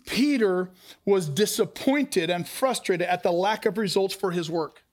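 A man with a strikingly high-pitched voice preaches a sermon, moving through stories and putting direct questions to the congregation. He shifts between hushed, slow stretches and higher, faster passages. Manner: storytelling, direct questions to the listeners. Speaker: pastor.

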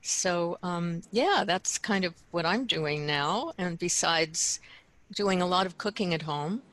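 A woman co-hosting a casual chat show, talking in a relaxed way with soft laughs and fillers. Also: lowish voice, takes it slowly, poor audio. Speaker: co-host.

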